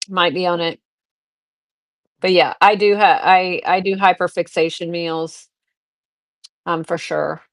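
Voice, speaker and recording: A middle-aged woman with a slightly low voice hosts a live selling stream. She chats casually and rambles through long personal stories. She keeps circling back to address her viewers directly. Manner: rambling anecdotes, restarts and fillers, talks to viewers. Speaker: live-stream seller host.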